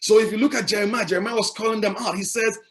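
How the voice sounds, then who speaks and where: A man's voice: sits high, fairly even intonation, rapid-fire. A male pastor preaching a sermon, emphatic and repetitive, asking the congregation rhetorical questions.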